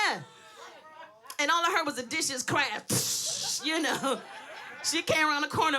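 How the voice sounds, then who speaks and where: Brash stand-up woman, out of breath, laughing through her lines, high and bright, AAVE. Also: moderate pace. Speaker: stand-up comedian. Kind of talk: stand-up comedy set. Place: stage in front of an audience.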